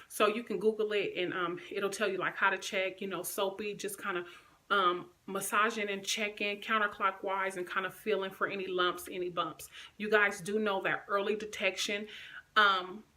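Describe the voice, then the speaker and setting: Bright-voiced woman in her thirties chatting. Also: medium pitch. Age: 30s. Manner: chatty, rambling, talks straight to viewers. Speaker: vlogger. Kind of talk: casual storytime chat to camera.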